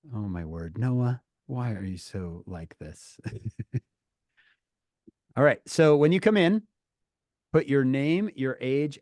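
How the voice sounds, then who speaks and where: Playful man with lively swings in pitch. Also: no room sound, clean studio sound. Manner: playful, teasing, lively greetings. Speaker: host of a video-call youth class. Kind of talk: casual chat on a video call.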